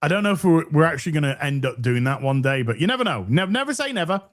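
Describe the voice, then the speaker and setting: A man's voice: a little high, sing-song, fast talker. An English man co-hosting a podcast, reading out donations in a casual, sweary and jokey way. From England.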